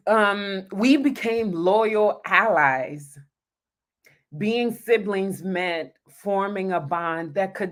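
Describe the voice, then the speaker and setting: Woman, pastor, slow unhurried delivery, fairly low voice, earnest, heartfelt livestream reading. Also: a bit bright. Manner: earnest, heartfelt, talks to viewers directly. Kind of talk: livestream reading from her own book.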